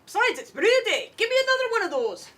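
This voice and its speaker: A woman's voice: very high voice, sing-song, fast talker, pushed and bright, pitched above the performer's own voice, exaggerated voice. A woman voicing a jolly, ale-loving female dwarf in a live read-through of a comedic ad. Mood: hearty.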